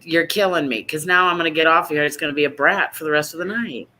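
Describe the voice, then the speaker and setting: A woman hosting a support group meeting online, chatting and teasing in a lively, casual way. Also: sits low, fast talker, rough recording.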